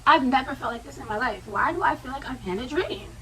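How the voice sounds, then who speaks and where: A young woman vlogger telling a personal story in a casual, slangy, animated way, with quoted asides. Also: high-pitched, fast talker, distant mic, rough recording.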